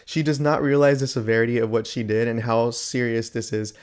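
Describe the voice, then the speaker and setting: A man in a YouTube rant video, talking in an indignant, exasperated way. His voice sits at an ordinary male pitch, and he leans hard on his outrage. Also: steady tone, brisk, a little mellow, clean tone.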